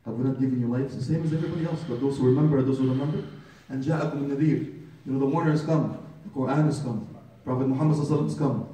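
A man's voice: mid-range voice, rapid-fire, warm tone. A man preaching a sermon with passion, speaking directly to his listeners as brothers and building to urgent pleas. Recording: roomy echo from far off.

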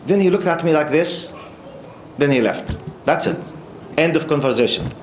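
Middle-aged Jordanian-accented man, Islamic lecturer, animated storyteller with a slightly high voice, roomy sound. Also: normal speed, slight background noise. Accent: Jordanian Arabic. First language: Arabic. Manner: lively, laughing, repeats words. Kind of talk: religious talk with storytelling. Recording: roomy echo.

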